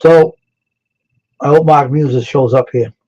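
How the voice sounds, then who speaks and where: A man's voice: mid-range voice, unhurried, warm tone. A man hosting a casual live stream, chatting with viewers by name and asking them questions. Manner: chatty, greets and quizzes chat viewers by name. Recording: dull lo-fi sound.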